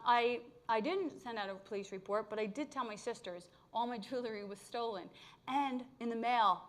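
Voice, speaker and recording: Woman, middle-aged, slightly high-pitched, candid, animated, blunt humor, spiritual talk. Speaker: spiritual speaker. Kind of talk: personal storytelling talk to a congregation. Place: live talk at a spiritual community gathering.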